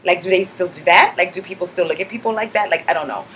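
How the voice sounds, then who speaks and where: A woman's voice: fairly low pitch, fast, fairly bright tone, a little hiss or hum, lightly acted. A woman playing a sassy, self-assured young clubgoer who chatters in a mock-indignant way, filling every sentence with "like.". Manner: chatty, filler-heavy with constant "like". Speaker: comedic character monologue. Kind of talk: character comedy vlog.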